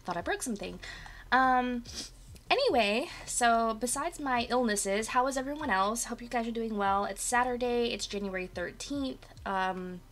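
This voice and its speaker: A woman's voice: medium pitch, fairly bright tone. A woman streaming from her apartment, chatting with live viewers, her voice a bit dry and coughy after just waking up. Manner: bubbly, chatty, greets viewers by name. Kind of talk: casual chat with live viewers. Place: home apartment. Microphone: desk mic.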